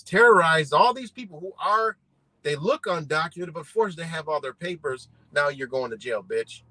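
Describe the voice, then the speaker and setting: Brief: male livestream host, slightly high, tense voice, swearing-heavy unscripted rant. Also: bright, forceful tone, slightly rough, low-quality recording. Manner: profane, slangy and emphatic, fillers like "you know".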